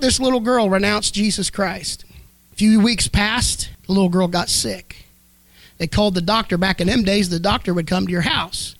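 A man's voice: sits high, a bit bright, dry recording. A man preaching a sermon, telling a story and then building to fervent emphasis.

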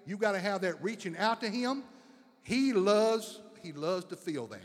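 A man's voice: high voice, sing-song, a little slow, big-room sound. A man preaching a sermon with fervent, repetitive emphasis, building phrases up again and again.

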